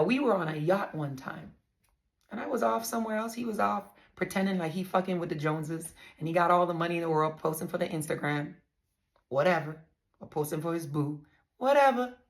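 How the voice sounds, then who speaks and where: A woman's voice: lowish voice, creaky. A woman vlogger candidly telling her own story to her viewers, blunt and profane, often calling them y'all.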